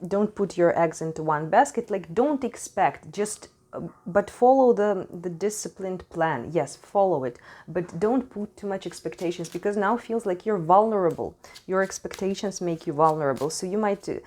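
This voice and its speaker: Chatty low-voiced woman reading tarot. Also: expressive, normal speed, few pauses, a little mellow. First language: not English. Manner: chatty, frank, swears casually, laughs often. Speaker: tarot reader. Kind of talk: casual tarot reading monologue. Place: home in Switzerland. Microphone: desk microphone.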